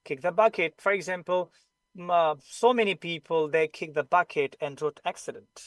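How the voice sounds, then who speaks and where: A man's voice: on the high side, moderate pace, dry recording. A man teaching English pronunciation in an online class, with a Pakistani English accent, explaining patiently and repeating the sounds he teaches.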